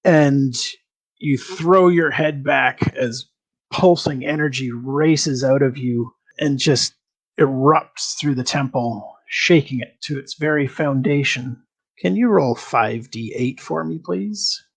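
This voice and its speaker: A man narrating a tabletop game as game master in an unhurried, descriptive way. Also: medium pitch, creaky, slightly rough, low-quality recording.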